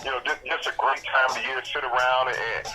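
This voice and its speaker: A man's voice: medium pitch, fairly even intonation, fairly quick, rough recording. A man co-hosting a sports radio show, easygoing and joking, with lots of "you know" fillers. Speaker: radio co-host. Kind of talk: casual radio sports talk.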